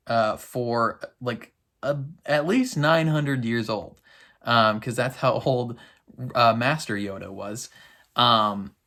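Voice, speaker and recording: A man's voice: mid-range voice, a bit bright. A man giving casual reaction commentary on a show, rambling with lots of fillers and frequent laughs. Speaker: reaction video host.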